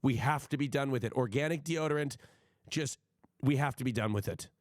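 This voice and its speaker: A man's voice: mid-range voice, brisk, dry recording, clean studio sound. A man streaming live, ranting to his chat in a profane, emphatic way with frequent stammering restarts. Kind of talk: casual livestream rant to chat.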